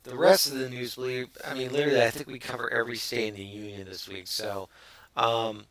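A man's voice: medium pitch, fairly quick, no echo. A man hosting a casual comedy podcast, reading news stories and teasing his co-host, with lots of restarts. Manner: teasing, animated, many restarts.

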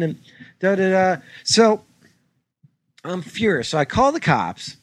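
A man co-hosting a comedy podcast, telling a story in an exasperated, swearing, animated way. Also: high voice, moderate pace, long pauses. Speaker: podcast co-host. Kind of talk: casual chat, ranting story.

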